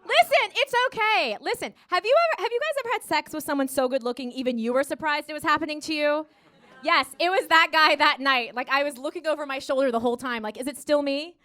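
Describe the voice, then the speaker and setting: An American woman performing a live stand-up set, animated and acting out dialogue in voices. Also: high-pitched, quick pace. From United States. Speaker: stand-up comedian. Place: theater stage before a laughing audience.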